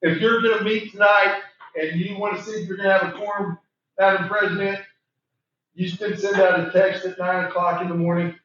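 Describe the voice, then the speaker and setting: A man leading a training session, asking the room questions and repeating words for emphasis, clearing a voice he is losing. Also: high voice, little pitch movement, a little fast, a bit bright, slight background noise. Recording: very echoey room, distant mic, muffled.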